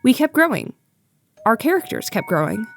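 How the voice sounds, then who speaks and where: Young woman, higher pitch, sincere and thoughtful narration with a joking edge. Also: big pitch swings, moderate pace, vocal fry, faint music behind. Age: young adult. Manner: earnest and reflective, with playful asides. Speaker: YouTube video essayist. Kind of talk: scripted narration.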